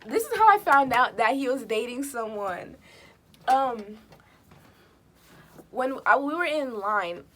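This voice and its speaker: A woman with a high voice tells a story to the camera in loose, slangy talk. She is animated and lively, and she acts out the other people in her story. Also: slow, long pauses. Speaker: storytime vlogger. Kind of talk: casual storytelling.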